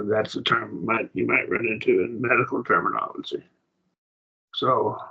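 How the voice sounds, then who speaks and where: Gravelly-voiced man teaching Greek grammar. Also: mid-range voice, bright, forceful tone, lo-fi sound. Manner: patient, explaining step by step with frequent checks. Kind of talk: classroom lesson.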